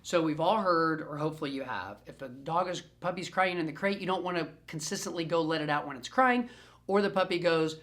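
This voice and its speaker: A man who trains dogs, answering questions in a recorded group session in an animated, playful way and repeating phrases for emphasis. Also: a little high, a little fast. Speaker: dog trainer. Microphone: self-recorded camera.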